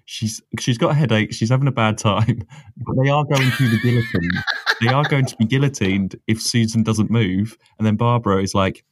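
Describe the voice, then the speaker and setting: A man's voice: mid-range voice, normal speed, no echo. A man co-hosting a podcast in casual chat, easygoing and chuckling often. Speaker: podcast co-host.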